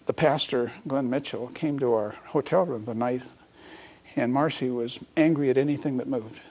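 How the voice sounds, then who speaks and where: A middle-aged man, an author appearing as an interview guest, recounts a personal story earnestly and reflectively. His voice has an ordinary middle pitch and a darkish tone, and he speaks at a moderate pace.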